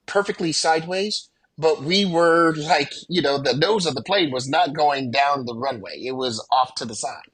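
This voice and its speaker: A man's voice: husky, no echo. A man who is an airline pilot, telling stories as a podcast guest and acting out the people he quotes. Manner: animated, acts out quoted people with shifting pitch. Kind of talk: casual storytelling in a podcast interview.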